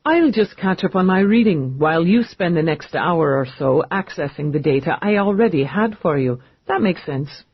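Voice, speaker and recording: A wealthy, smooth-talking man with a calm, dryly amused delivery, as the narrator plays him. His voice is husky and sits fairly high for a man, recorded dry with a slightly muffled sound. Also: moderate pace, few pauses, no room sound. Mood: teasing.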